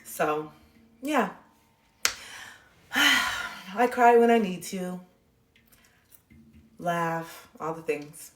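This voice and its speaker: A woman's voice: fairly low pitch, animated, very slow, long pauses, distant mic. A woman hosting a casual livestream, rambling and confiding, full of "like" fillers. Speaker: livestream host. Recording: echoey room, voice a bit off-mic.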